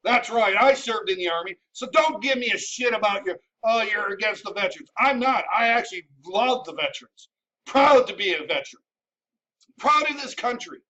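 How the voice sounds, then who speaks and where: A man, an army veteran, ranting at his viewers in a combative, profane, scolding way, shouting at times. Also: very high-pitched, lively intonation, normal speed. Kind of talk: ranting commentary to camera. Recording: dull sound from a distant mic.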